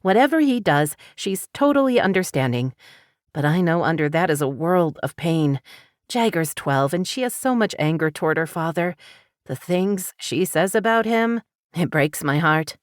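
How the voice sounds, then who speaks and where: A woman's voice: fairly low pitch, animated, normal speed, no room sound, studio quality, close to an everyday voice. A woman narrating an audiobook voices an anxious, emotional single mother, speaking with a tearful, pleading lift. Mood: aching. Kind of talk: audiobook character voice.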